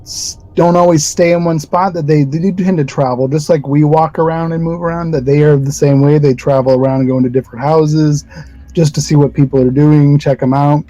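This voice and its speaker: A co-host with a mellow, warm voice at middle pitch. They ask questions and crack jokes in an easy, relaxed way. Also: a little fast, rough recording. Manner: joking, asks questions. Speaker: podcast co-host. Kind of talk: casual chat.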